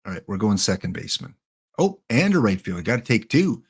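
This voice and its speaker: A man's voice: on the low side, sing-song, brisk, breathy edge. A man hosting a live game stream, thinking aloud as he picks players and chatting to his viewers. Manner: thinks aloud while picking cards, mutters names; chatty asides to chat viewers. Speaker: livestream host. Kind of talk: live gameplay commentary.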